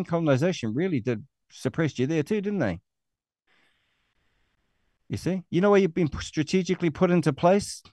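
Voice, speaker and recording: A middle-aged man with a New Zealand accent, his voice fairly high and a little mellow, rants on his online show in a dry, studio-quality recording. The monologue is bitter, scornful, and thick with swear words.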